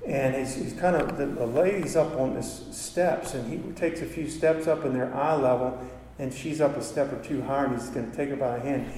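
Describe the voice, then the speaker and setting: Preacher in an echoey church. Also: male voice, medium pitch, a little fast, mellow, slight background noise. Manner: storytelling, emotional, calls for amens. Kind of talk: sermon. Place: church hall. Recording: echoey hall from far off.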